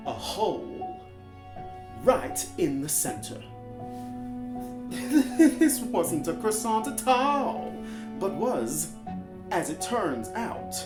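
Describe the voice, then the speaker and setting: A man putting on the voice of a grandiose gentleman detective with an accent, drawing out each line with mock drama. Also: on the high side, reverberant, pitched above the performer's own voice. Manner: theatrical, drawn-out mock-dramatic delivery. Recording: guitar music underneath.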